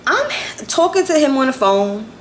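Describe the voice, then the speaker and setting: A young woman in her twenties tells a story in a chatty, animated way. Her voice swings widely up and down, and she sounds like she is in an echoey room. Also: high-pitched, normal speed, a little hiss or hum. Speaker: vlogger. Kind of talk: casual storytime.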